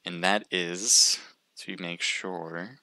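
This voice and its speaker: A male streamer with a very low, gravelly voice that still has a bright, forceful edge. He chats casually with his viewers, rambling and restarting as he thinks aloud, in a dry, close sound. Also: steady tone, very slow, no echo. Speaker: livestream caster.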